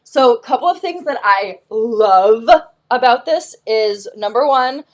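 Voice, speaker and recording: A woman in her thirties hosting a live shopping stream, telling stories in a casual, animated way with lots of fillers. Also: a little high, unhurried. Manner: animated storyteller, acts out quotes, lots of "like" and "um". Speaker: host of a live shopping show.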